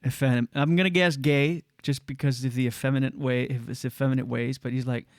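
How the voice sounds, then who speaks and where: A man's voice: medium pitch, fairly even intonation, brisk, dry recording, clean studio sound. A man hosting a podcast, telling a rambling, jokey story in casual chat and acting out other people's voices. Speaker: podcast host.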